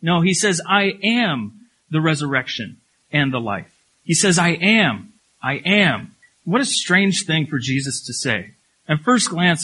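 A man preaching a sermon. He talks emphatically, repeats key phrases, asks rhetorical questions and slows down when he reads scripture. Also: fairly high pitch, pushed and bright, slightly rough, low-quality recording. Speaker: pastor.

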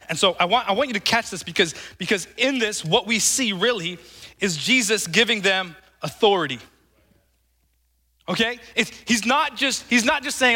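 A male preacher with a high, ringing voice delivers an emphatic sermon, repeating his phrases and calling on the congregation to answer back. His bright tone carries through a large hall with a long, lingering reverb. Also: normal speed. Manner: emphatic, calls for congregation responses, repeats words.

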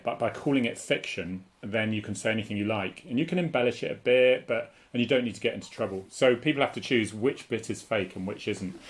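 A man from England co-hosting a relaxed chat, who laughs easily and now and then slips into put-on accents. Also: fairly low pitch. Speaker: co-host. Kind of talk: casual live-stream chat.

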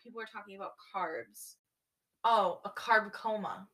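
A woman's voice: medium pitch, unhurried, sharp tone. A young woman co-hosting a podcast in casual chat, giggly and chatty, drifting from topic to topic. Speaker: podcast co-host.

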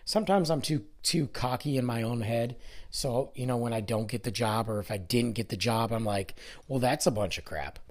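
A man's voice: medium pitch, steady tone, normal speed. A man hosting his own podcast, talking alone in a rambling, grumbling, self-deprecating way, with a nasal, congested voice from being sick. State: congested from illness. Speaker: podcast host. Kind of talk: casual solo podcast monologue.

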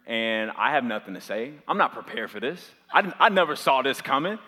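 A young man in his twenties preaching, chatty and rambling as he tells a story straight to the crowd. His voice sounds bright and forward at an ordinary pitch, and it rings out with a long reverb like a big church hall. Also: normal speed, hardly any pauses. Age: 20s. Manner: chatty and loose, heavy on filler words. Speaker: pastor. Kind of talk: storytelling sermon to a live audience.

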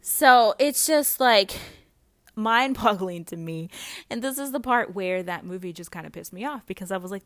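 A woman's voice: fairly high pitch, lively intonation, normal speed, fairly bright tone, no echo, studio quality. A young adult woman hosting a podcast in a casual monologue, chatty and blunt, swearing freely and peppering her talk with "like.". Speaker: podcast host.

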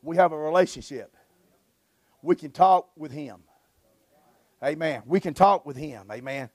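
A man's voice: a little high, unhurried, darkish tone, dry recording. A man preaching a fervent sermon, punctuating his phrases with "amen" and short chuckles.

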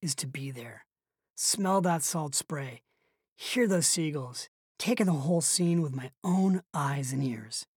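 A woman's voice: mid-range voice, big pitch swings, moderate pace, dry recording, clean studio sound. A woman voicing a curious, friendly woman in a coffee shop, a bit self-conscious, in an audiobook reading. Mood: wistful.

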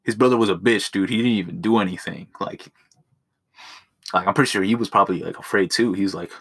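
A young man with a low, bright, sharp-edged voice rambles through a solo podcast at home. He swears constantly and mocks himself in loose, crude asides, talking into his phone. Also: quick pace, breathy edge. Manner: crude, rambling, self-mocking, swears a lot. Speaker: podcast host. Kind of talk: casual solo podcast monologue.

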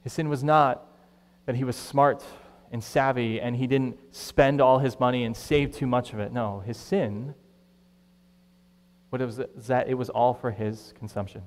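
Pastor, male, mid-pitched, lively conversational preaching, long church reverb. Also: moderate pace. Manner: conversational, animated, acts out quoted voices. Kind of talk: sermon.

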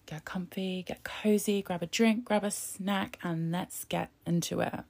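A woman's voice: lowish voice, fairly even intonation, unhurried, vocal fry. A young British woman chatting sarcastically in a casual reaction video, laughing often. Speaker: vlogger.

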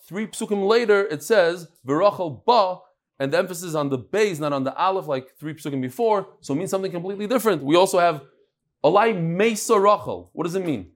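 A man teaching a casual study-group class, chanting lines and then explaining them with restarts and joking asides. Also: sits high. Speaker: Talmud teacher.

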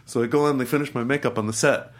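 A man's voice: mid-range voice, rapid-fire. A middle-aged man telling a casual anecdote, acting out the voices and accents of the people in it. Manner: animated storyteller, acts out voices and accents. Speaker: guest actor telling a story.

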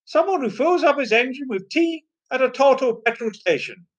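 A joke narrator puts on Nick, a bar-stool Irishman in a comic pub joke. He scolds and exclaims in a lifted, louder voice. The pitch jumps around. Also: animated, normal speed. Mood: scolding. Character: dim-witted Irish pub regular Nick, adult man.

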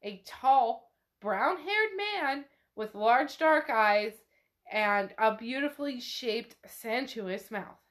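Taking it slowly, a woman speaks with an expressive voice on the high side. As a podcast host, she offers a casual recap of a novel chapter, chatting away and swearing freely as she recounts what the characters do.

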